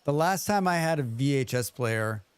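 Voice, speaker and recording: A man's voice: mid-range voice, expressive, moderate pace, clean tone, dry recording. A man streaming a game, chatting casually and muttering questions and reactions at the screen. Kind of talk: casual gaming commentary.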